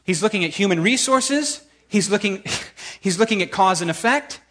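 A male preacher with a notably high-pitched voice delivers a sermon. He talks in a lively, emphatic way, circling back and repeating words for force. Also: normal speed.

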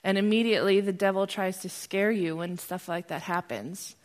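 Speaking at normal speed with a medium-pitched voice, a young woman from the United States gives a church testimony accompanied by slides. Her animated storytelling builds into loud, excited bursts when she recounts what happened.

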